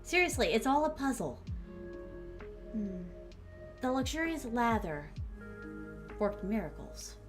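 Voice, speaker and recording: Woman streamer, slightly high, playful, mutters drafts aloud; soft music under her. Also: sing-song, slow pace, pauses often. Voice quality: slight put-on accent. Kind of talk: casual writing stream.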